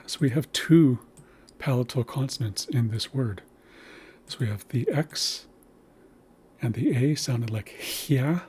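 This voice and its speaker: A man's voice: mid-range voice, darkish tone, a little hiss or hum. A man teaching a language lesson, patiently spelling out sounds and words.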